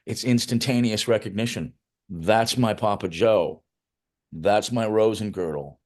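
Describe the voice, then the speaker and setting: A man's voice: on the low side, a little slow. A middle-aged man, a film writer-director, telling loose, profane anecdotes in a casual interview, with frequent restarts.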